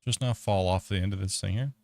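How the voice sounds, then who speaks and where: A man's voice: low-pitched, fast, creaky, warm tone, no room sound. Man joking through a live game stream. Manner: joking, teasing banter with frequent exclamations. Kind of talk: live gameplay chat with viewers.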